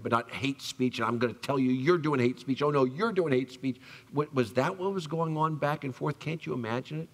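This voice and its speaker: A male pastor preaching a sermon, telling the story with animated acted-out voices and dropping soft for tender lines. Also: medium pitch. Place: church sanctuary. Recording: long church reverb.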